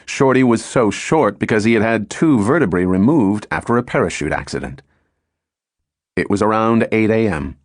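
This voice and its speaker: A man giving a steady, scripted audiobook narration of a wartime story. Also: medium pitch, no room sound, clean studio sound.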